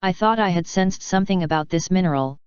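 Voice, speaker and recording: A woman voicing a curious, measured male pony who studies magic, in a storybook reading. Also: fairly low pitch, darkish tone, clear, resonant tone, dry recording, lightly acted. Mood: thoughtful. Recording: dull lo-fi dry recording.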